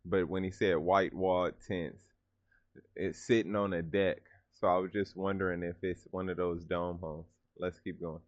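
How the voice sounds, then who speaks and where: A man's voice: sits low, level tone, normal speed, dry recording. A man reacting to a video in casual, slangy commentary, thinking aloud with enthusiasm. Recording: dull lo-fi sound.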